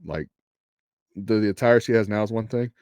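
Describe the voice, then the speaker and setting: Deep-voiced crude wrestling podcast co-host. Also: male voice, normal speed, a little mellow, clean tone, dry recording. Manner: crude, enthusiastic, swears a lot. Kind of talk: casual podcast chat.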